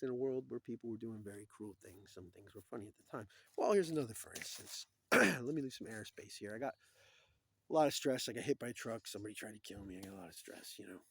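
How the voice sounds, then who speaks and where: With a fairly low, gravelly voice that's a bit bright and has a breathy edge, a man casually retells old cartoon scenes. He performs the characters' dialogue in a rambling storyteller's monologue, chuckling at his own jokes.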